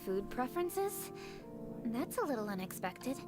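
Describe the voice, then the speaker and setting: A woman playing a brisk, no-nonsense young official who speaks crisply and businesslike. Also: fairly high pitch, big pitch swings. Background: loud game music.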